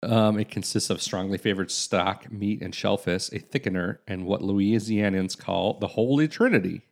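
A man in his late thirties or forties talking casually as a co-host, with a low, gravelly voice. He meanders through thoughts and sometimes reads details aloud. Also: normal speed. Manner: rambling, reads facts aloud. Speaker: podcast co-host. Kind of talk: casual chat.

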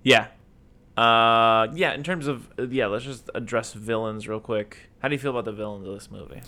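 A man co-hosting a podcast, chatting casually about a film and rambling with fillers and quick acted-out quotes. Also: mid-range voice, pushed and bright. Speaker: podcast co-host. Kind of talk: casual movie discussion.

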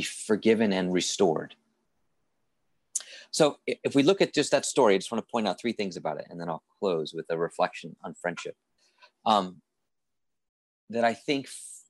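Deep-voiced man retelling a Bible story. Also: dry recording. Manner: conversational storytelling with fillers and restarts. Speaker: speaker telling a Bible story. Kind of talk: reflective spoken sermon.

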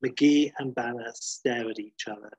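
A man retelling a story at length in a casual, lively way, swearing now and then and acting out the characters' lines. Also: medium pitch, unhurried, breathy edge, no room sound. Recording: dull muffled lo-fi sound.

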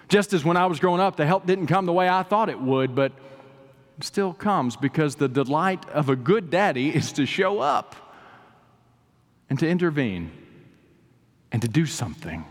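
A man preaching a sermon as pastor, with dramatic swings between soaring emphasis and hushed, drawn-out lines. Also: a little high, animated. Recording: long reverb of a large hall.

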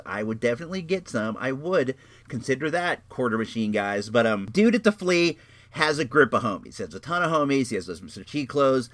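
A man's voice: medium pitch, a bit bright, dry recording. A man hosting a podcast in casual chat, rambling along in a laid-back way and tossing in "dude.". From Northern California. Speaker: podcast host.

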